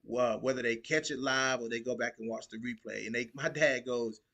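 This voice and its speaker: A relaxed man hosting a podcast chat, his talk loose and full of slang. He laughs easily and his voice sits at a middle pitch, neither high nor low. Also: a little fast, gravelly. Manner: laid-back slangy talk, laughs often. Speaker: podcast host.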